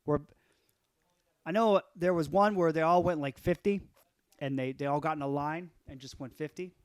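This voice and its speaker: A man's voice: a little high, moderate pace, clear, resonant tone, dry recording. A man co-hosting a podcast, telling loose, rambling stories with profanity and a slight cough. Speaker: podcast co-host. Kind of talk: casual chat.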